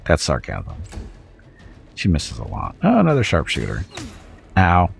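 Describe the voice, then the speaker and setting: Deep, gravelly guy streaming a game. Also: huge pitch swings, a little slow, soft background music. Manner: wry, chatty, chuckling asides to chat. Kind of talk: casual let's-play commentary.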